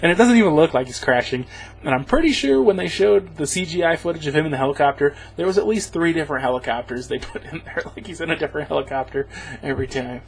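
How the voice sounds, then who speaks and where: A man's voice: on the high side, fast, vocal fry, slight background noise. A man giving a rambling, sarcastic spoken movie review, chuckling as he goes. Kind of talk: casual spoken film review.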